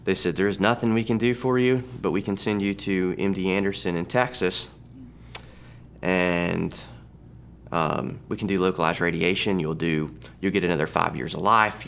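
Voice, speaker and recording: A man in his thirties sharing a personal testimony in a halting, conversational way, often restarting his sentences. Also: sits low, vocal fry, a bit bright, a little hiss or hum. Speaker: church testimony speaker.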